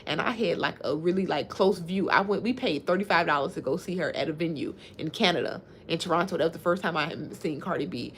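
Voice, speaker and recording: A woman's voice: fairly low pitch, fast, hardly any pauses, a little hiss or hum. A woman in her thirties hosting a casual livestream, chatting and reacting to viewer comments, often laughing. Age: 30s. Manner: laughs often while talking. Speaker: livestream host.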